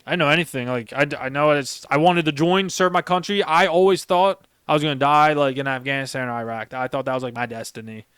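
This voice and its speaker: A man's voice: on the high side, fairly even intonation, brisk, few pauses, fairly bright tone, clean tone, no echo, studio quality. A young man and former Marine sergeant who hosts a podcast. He tells stories in a rambling, emphatic way and swears heavily. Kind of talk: casual storytelling chat.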